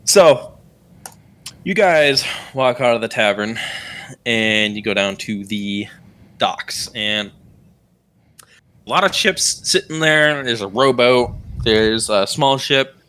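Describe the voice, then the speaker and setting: Bright-voiced rambling game master. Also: male voice, mid-range voice, animated, slow, clear, resonant tone. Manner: rambling, many fillers and restarts. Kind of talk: narrating a tabletop game.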